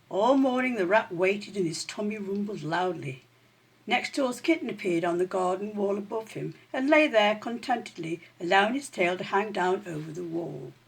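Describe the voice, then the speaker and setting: A woman reading a children's story aloud in an expressive, animated way. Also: mid-range voice, creaky, slightly rough.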